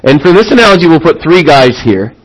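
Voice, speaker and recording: A man's voice: fairly high pitch, brisk, husky, poor audio. A man preaching a sermon, telling an illustration with growing intensity and checking in with "all right?". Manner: animated storytelling, rising in intensity; addresses listeners with "all right?".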